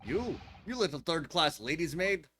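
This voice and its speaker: A man putting on a gruff burly Russian sailor. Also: a little high, big pitch swings, fairly quick, fairly bright tone, a little hiss or hum. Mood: accusing. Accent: put-on Russian. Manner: broken English, barking accusations. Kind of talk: voicing game characters on a livestream.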